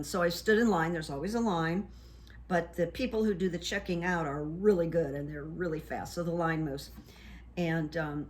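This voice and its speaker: An older woman talks to her viewers in a relaxed, rambling vlog, dropping ums and uhs as she goes. Her voice sits a little low for a woman, and she tells the story in a chatty, unhurried manner. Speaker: vlogger and hypnotherapist. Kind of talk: casual storytelling to camera.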